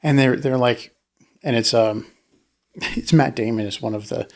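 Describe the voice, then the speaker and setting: A man co-hosting a casual podcast discussion, rambling with many restarts and acting out quotes in a higher voice. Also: a little slow. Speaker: podcast co-host.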